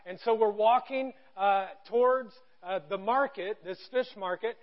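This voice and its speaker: A man in his thirties preaching a sermon, telling a story with animated quoted voices. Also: high voice, measured pace. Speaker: pastor. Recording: dull lo-fi sound.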